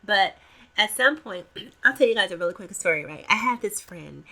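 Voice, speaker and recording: A woman's voice: medium pitch, expressive, moderate pace, pushed and bright. A woman hosting a casual gossip commentary vlog, playful and talking straight to her viewers.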